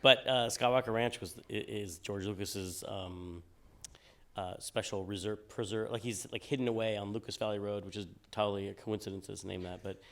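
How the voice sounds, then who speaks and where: Deep-voiced relaxed man. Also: moderate pace. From United States. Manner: relaxed, rambling, many fillers and restarts. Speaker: game designer guest. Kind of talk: casual interview on stage.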